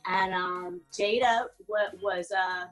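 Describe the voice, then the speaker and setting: A woman's voice: mid-range voice, slow, faint music behind, rough recording. A woman guest in a casual interview, telling stories and laughing often. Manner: laughs often, animated storyteller. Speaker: guest actress.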